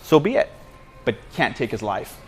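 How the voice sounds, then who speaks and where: A man's voice: medium pitch, big pitch swings, normal speed, soft background music, voice pushed down, natural voice. A man voicing God as an easygoing, confident figure who talks like a buddy while he retells a story. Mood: casual confident. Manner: casual, buddy-like.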